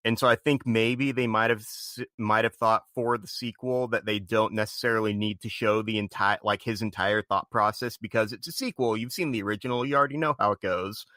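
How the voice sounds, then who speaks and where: A man guesting on a casual film review chat, thinking aloud in a musing, hedging way. His voice is bright and forceful, recorded close and dry. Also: on the low side, steady tone, a little fast, few pauses, no room sound.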